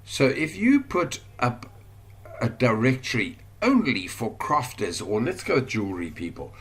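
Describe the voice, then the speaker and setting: A man with a South African accent talks through an online business lesson while sharing his screen. He thinks aloud and rambles, then gets suddenly excited. His voice sits at an ordinary middle pitch. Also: a little slow, husky. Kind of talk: casual screen-share tutorial.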